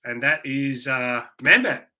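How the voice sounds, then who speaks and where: A man's voice: medium pitch, animated, slow pace, sharp tone. An Australian man co-hosting a podcast, talking in a rambling, conversational way. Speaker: podcast co-host. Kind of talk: casual podcast chat.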